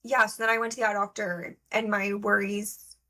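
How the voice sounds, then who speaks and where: With a flat delivery at normal speed, this young woman speaks in a mid-range voice with a sharp tone. She co-hosts a podcast, telling stories casually and chattily with many fillers.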